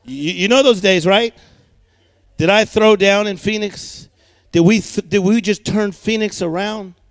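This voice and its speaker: Middle-aged male preacher, very high voice, dry sound, storytelling and call-and-response, repeats words in a hammering rhythm. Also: a little slow, no room sound. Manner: emphatic, rhythmic repetition of words. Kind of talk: energetic sermon.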